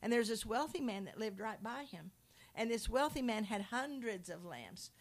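A woman in a Christian conversation, teaching from the Bible with animated storytelling and acted-out quotes. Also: on the high side, normal speed. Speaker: Christian speaker.

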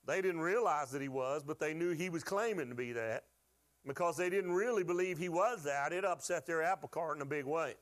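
A man's voice: a little high, fairly quick. A man preaching a sermon to his church, folksy and joking, asking the congregation to call out answers. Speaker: pastor.

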